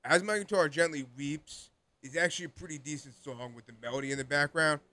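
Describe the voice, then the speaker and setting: A man's voice: on the high side, quick pace, pushed and bright. Rambling young man on a podcast. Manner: rambling, laughs often, heavy use of "like". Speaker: podcast co-host. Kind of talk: casual chat.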